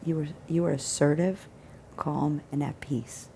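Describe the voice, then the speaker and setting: A woman with a low, gravelly, mellow voice tells a personal story straight to camera. She speaks earnestly and with emphasis, often sinking into a hushed near-whisper. A faint hum of noise sits behind her. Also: steady tone, unhurried. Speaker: vlogger. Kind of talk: casual vlog storytelling.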